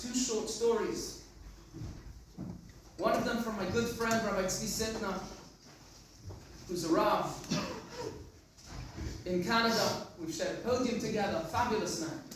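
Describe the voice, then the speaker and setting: Man preaching, rabbi telling stories, sounds far off in a big echoey synagogue, faint noise. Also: high voice. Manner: storytelling, emphatic and reflective. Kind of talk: sermon. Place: large synagogue hall.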